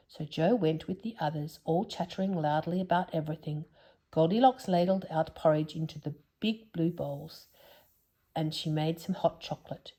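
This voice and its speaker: A woman reading a children's story aloud in a gentle storyteller's voice. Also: deep voice, moderate pace. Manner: gentle, hushed at tense moments.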